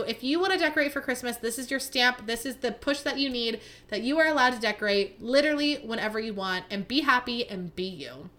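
Bright-voiced, chatty young woman podcaster. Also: sits high. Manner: chatty, animated, gets fired up and rants. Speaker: podcast host. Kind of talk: casual solo podcast chat.

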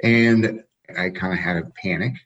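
A man who breeds and shows dogs, telling relaxed anecdotes with the odd laugh. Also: deep voice, normal speed, highs cut off. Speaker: dog breeder and show handler. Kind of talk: casual storytelling.

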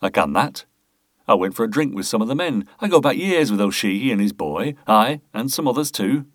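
A man's voice: fairly low pitch, expressive, brisk, no room sound, clean studio sound. A man voicing a shifty, self-important male market manager who blusters and grows defensive. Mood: blustering.

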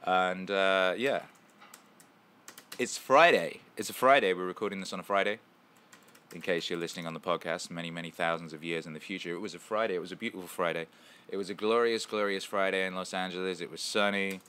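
A man hosting a casual livestream, reading out viewer comments and riffing playfully with lots of repetition and shout-outs. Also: low-pitched, a little fast, a little hiss or hum. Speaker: show host.

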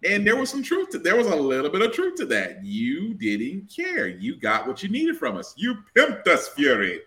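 A man's voice: high-pitched, wildly swooping pitch, moderate pace, fairly bright tone. A man co-hosting a casual chat, emphatic and storytelling, swearing for effect. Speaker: podcast co-host.

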